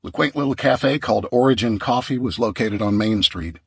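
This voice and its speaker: A man reading a survival audiobook in a steady, measured narration. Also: medium pitch, vocal fry, slightly rough, no echo.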